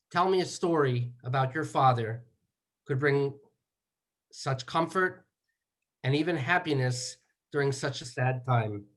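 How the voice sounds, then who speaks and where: Man giving measured memorial remarks. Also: a little high, fairly bright tone. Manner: measured, with slow deliberate lists. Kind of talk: eulogy remarks.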